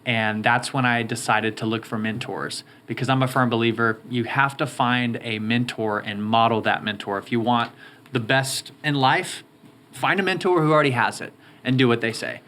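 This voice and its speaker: A man's voice: mid-range voice, steady tone, moderate pace, fairly bright tone, slight background noise. A man in his thirties, a guest in an interview, telling his story in an upbeat, eager way. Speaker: guest, roofing company owner. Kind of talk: interview conversation.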